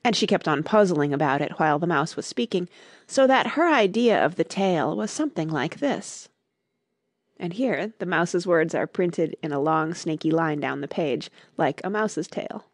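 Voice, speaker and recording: A woman reading a classic children's storybook aloud as narrator, with expressive, lively storytelling. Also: lowish voice, normal speed, no room sound, clean studio sound. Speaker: audiobook narrator.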